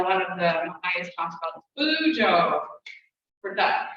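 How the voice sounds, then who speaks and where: A middle-aged woman teaching a casual language class, chatting, laughing often and slowly repeating words to drill pronunciation. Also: on the low side, a bit bright. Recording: roomy, distant, dull, faint hiss.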